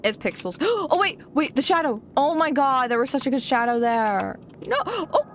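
A young woman streaming a video game, reacting excitably with frequent gasps and laughter as she chats casually. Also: high-pitched, moderate pace, a little hiss or hum. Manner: excitable, gasping and laughing often. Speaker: gaming streamer. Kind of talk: casual gameplay commentary.

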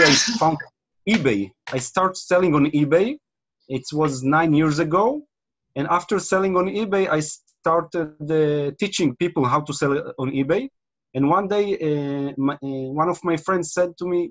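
A man from Israel with an Israeli accent, giving a webinar presentation with many fillers and restarts, speaking over a computer mic on a video call. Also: on the high side. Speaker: guest presenter.

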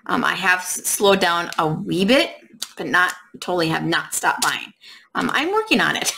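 A woman vlogger chatting casually while unboxing crafts, reading drill numbers slowly and gushing softly over the colors. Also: medium pitch, gravelly, a little hiss or hum, low-quality recording. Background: crinkling bags and clicks.

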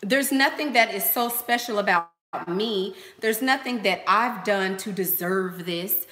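A woman's voice: medium pitch, measured pace, sharp tone, reverberant. A woman hosting a casual livestream, giving advice in a chatty way, repeating phrases and using lots of fillers. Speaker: host.

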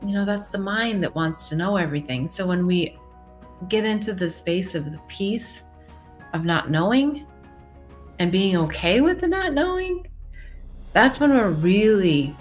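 A woman hosting a live advice session, talking in a gentle, reflective way with sudden shifts in pace. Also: mid-range voice, animated, faint music behind. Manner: gentle, reflective, with quick shifts in pace and playful quoted voices. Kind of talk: casual live coaching talk.

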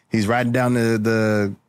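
A man's voice: on the low side, little pitch movement, slow, clear, resonant tone. A man in a loose, slangy comedy chat on a podcast, laughing as he talks.

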